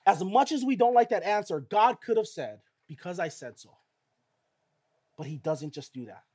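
A man's voice: sits high, sing-song, brisk, darkish tone, breathy edge. A middle-aged male pastor preaching a sermon in a conversational way, often asking rhetorical questions of the listeners.

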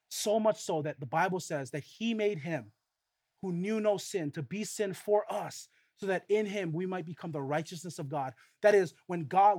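A man preaching a sermon, earnest and full of rhetorical questions, swinging between loud emphatic stretches and quiet, low passages. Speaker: pastor.

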